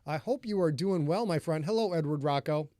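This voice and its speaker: A rambling, chatty man from northern Michigan hosts a live stream before a reading and greets viewers as they arrive. His voice sits a bit high for a man. The sound is dry and close, with almost no room. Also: brisk, mellow, no room sound. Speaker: author hosting a live podcast reading. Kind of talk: casual chat with a live stream audience.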